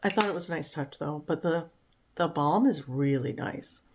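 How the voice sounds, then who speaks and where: A woman chatting casually in a home vlog, relaxed and talkative, sometimes cooing to her dog. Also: deep voice, moderate pace, background noise. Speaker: vlogger. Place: home, indoors.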